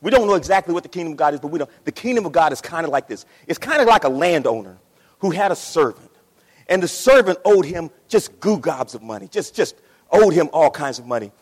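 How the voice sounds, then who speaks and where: A man's voice: on the high side, very animated, brisk. A man preaching a sermon as pastor, passionate, repeating his phrases and acting out the voices in his story. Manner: impassioned, repeats phrases, acts out quoted voices. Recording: long reverb of a large hall.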